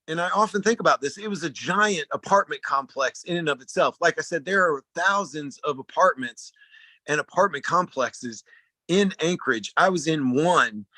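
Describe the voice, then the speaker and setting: A man telling a personal story at a talk, animated and rambling, often restarting his sentences. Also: on the high side, no room sound. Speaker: speaker at a talk.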